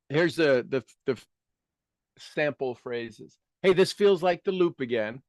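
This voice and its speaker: Leading a self-help coaching talk, a man with a somewhat high voice guides listeners through exercises. He poses rhetorical questions, repeats key phrases and frequently slips into quiet asides. The audio is dry, without room echo.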